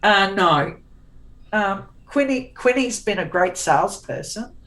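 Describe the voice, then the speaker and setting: A woman's voice: medium pitch, expressive, measured pace, a bit bright, poor audio. A middle-aged woman talking casually as an interview guest. She is forthright and sarcastic, and she often restarts her sentences.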